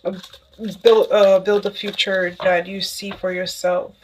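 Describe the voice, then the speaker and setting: A woman giving a casual spoken tarot reading to the viewer, excitable and chatty, who keeps checking in with "okay?". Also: medium pitch, unhurried, a little hiss or hum, poor audio. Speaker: tarot reader.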